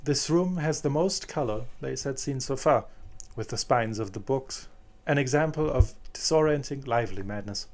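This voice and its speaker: Male narrator for fan audiobook, plain steady read, occasional restarts. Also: medium pitch, moderate pace, hardly any pauses. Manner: plain reading with small restarts.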